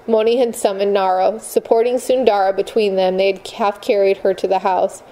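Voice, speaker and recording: A woman narrates a novel aloud with measured, expressive pacing. Her voice is warm and mellow, sitting at a middling pitch. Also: low-quality recording. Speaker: audiobook narrator. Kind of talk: scripted narration.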